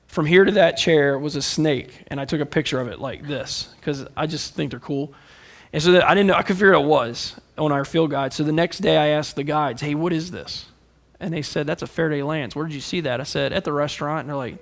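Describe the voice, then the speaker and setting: A male pastor preaching a sermon with animated storytelling, swinging between emphatic points and hushed asides. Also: on the high side, gravelly.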